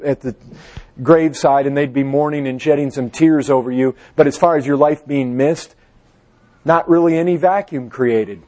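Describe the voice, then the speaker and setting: A man preaching a fervent sermon, swinging between loud exhortation and low, hushed passages.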